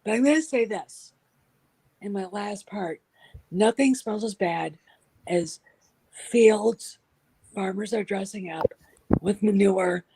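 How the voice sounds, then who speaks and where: A woman with a husky voice chatting casually, telling animated stories and acting out what people said. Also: medium pitch, slow pace, pauses often, low-quality recording. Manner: animated storyteller, acts out quotes. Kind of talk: casual chat.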